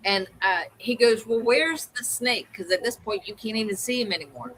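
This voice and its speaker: Woman, livestream co-host, casual storytelling, acts out voices, bright tone, slightly high pitch. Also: normal speed, slight background noise, low-quality recording. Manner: animated storyteller, acts out quoted people.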